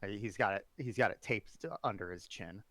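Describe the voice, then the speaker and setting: A man's voice: on the low side, fairly quick, pushed and bright, slight background noise. A man narrating as game master in a tabletop game, talking in a casual, rambling way.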